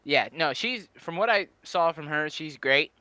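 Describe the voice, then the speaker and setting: Bright, dry-sounding male podcast co-host. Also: fairly high pitch, expressive, clean tone, dry recording. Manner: reactive, joking, quick to laugh. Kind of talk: casual chat.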